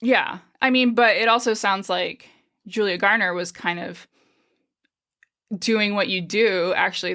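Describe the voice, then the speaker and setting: A woman's voice: lowish voice, fairly bright tone. A woman co-hosting a podcast in casual chat, chatty, laughing often and swearing freely. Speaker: podcast co-host.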